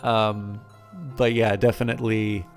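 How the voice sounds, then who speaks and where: Tired guy rambling on his game stream, creaky voice, some quiet music behind. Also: on the low side, little pitch movement, a little slow. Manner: rambling and hesitant, many fillers. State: tired, yawning late at night. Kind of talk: casual live-stream chat while playing.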